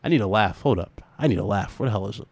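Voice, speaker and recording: A man hosting a gaming livestream, ranting and laughing in animated, profane casual chat. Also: on the low side, fast talker, no room sound.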